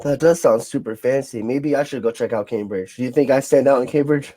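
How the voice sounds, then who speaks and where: A man's voice: medium pitch, a little fast, warm tone, dry recording. A man from the United States hosting a podcast, asking questions in a rambling, filler-heavy way. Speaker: podcast host. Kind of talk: casual interview chat.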